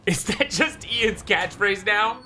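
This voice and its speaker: A man's voice: high voice, expressive, slow pace, bright, forceful tone, a little hiss or hum. A man streaming a video game playthrough, chatting casually and profanely with a co-player and reading out viewer chat. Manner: profane, joking, reads out chat.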